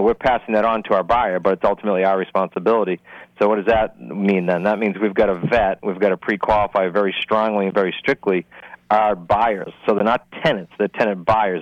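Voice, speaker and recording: A man's voice: lowish voice, no room sound, highs cut off. A man from Rhode Island with a Rhode Island accent, a guest on a radio talk show, explaining real estate deals in a confident, methodical way.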